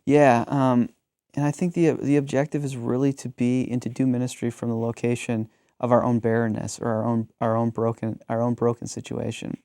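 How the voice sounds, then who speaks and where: A man's voice: mid-range voice, flat delivery, brisk, warm tone, no echo, studio quality. A man in his thirties, a pastor, talking reflectively in a conversational discussion and telling stories with frequent ums.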